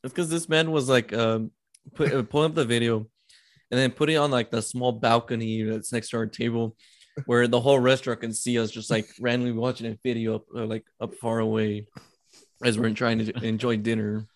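A man's voice: medium pitch, fairly even intonation, a little fast, dry recording. A young man in casual chat, making teasing, dry comebacks.

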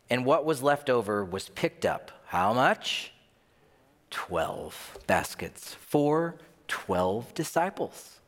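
Animated preacher in a reverberant hall. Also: male voice, medium pitch, slow pace. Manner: conversational, animated, acts out dialogue. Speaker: pastor. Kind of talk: sermon. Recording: long reverb of a large hall.

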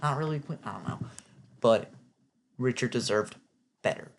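A man's voice: mid-range voice, normal speed, creaky, slight background noise. A man giving a casual, opinionated spoken recap, chatty and filling his talk with "like". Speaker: TV recap vlogger.

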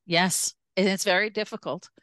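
A woman's voice: mid-range voice, steady tone, normal speed, fairly bright tone, no echo, clean studio sound. A woman hosting a podcast, an author talking casually with many restarts and self-corrections. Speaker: podcast host. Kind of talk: casual chat.

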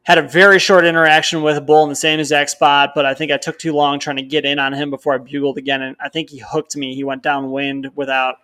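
Talking fast and smoothly with few pauses, a fairly high-pitched young man from Wisconsin spins a long hunting tale for the podcast he co-hosts. His casual, rambling telling is animated, and he voices other people's lines as he goes.

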